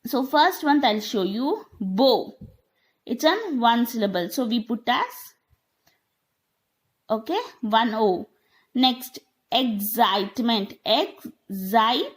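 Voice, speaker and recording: Woman teacher, unhurried, checks in with the class often, non-native English phrasing. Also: fairly high pitch, animated. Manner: slow, repetitive, checks understanding with "okay?". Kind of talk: online classroom lesson.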